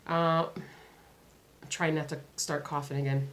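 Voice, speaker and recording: Sick lady vlogger, weak scratchy throat, lowish voice, rambly and chatty. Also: a little slow. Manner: chatty, rambling with many fillers. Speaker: cross stitch vlogger. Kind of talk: casual chat.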